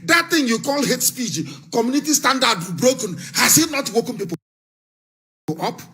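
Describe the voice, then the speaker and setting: A man giving an impassioned live broadcast speech, firing off rhetorical questions and bursting into shouts. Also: very high voice, lively intonation, moderate pace. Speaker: political broadcaster.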